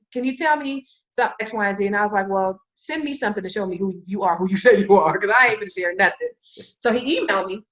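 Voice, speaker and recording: A woman guest on a podcast, telling a story in a casual, animated way and acting out the voices of the people she quotes. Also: mid-range voice, highs cut off.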